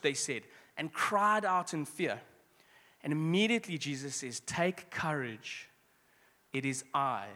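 A man preaching a sermon as pastor, conversational with quick asides and restarts. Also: fairly high pitch, fairly bright tone, long reverb tail.

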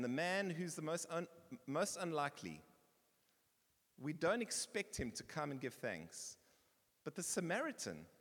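A man preaches in a lively, conversational way, his voice sitting a touch high for a man and swinging widely in pitch. Long reverb from a church hall trails after each phrase. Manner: animated, conversational preaching with scripture reading. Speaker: pastor. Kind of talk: sermon.

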